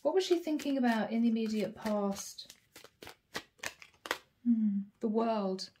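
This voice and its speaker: A woman reads tarot cards aloud and talks through them in a mellow, warm tone that sits a little high. She muses to herself as she goes and calls out each card in short, clipped bursts. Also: unhurried. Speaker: tarot reader. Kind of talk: channeled tarot reading to camera.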